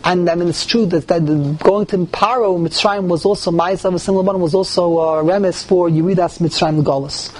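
A man teaching a Torah class to a group, animated, with rising emphasis and many Hebrew terms. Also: high-pitched, moderate pace, few pauses. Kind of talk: lively Torah class with questions.

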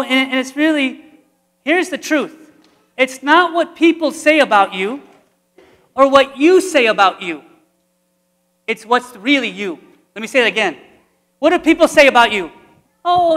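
A man's voice: very high voice, a bit bright, big-room sound. A man, a priest, preaching an earnest, conversational sermon full of repetition.

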